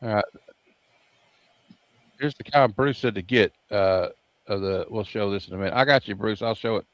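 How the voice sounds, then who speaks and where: A man hosting a relaxed chat show, talking through a video on screen. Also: on the low side, moderate pace, no echo, highs cut off. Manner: easygoing, narrates what is on screen. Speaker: host. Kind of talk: casual chat while showing videos.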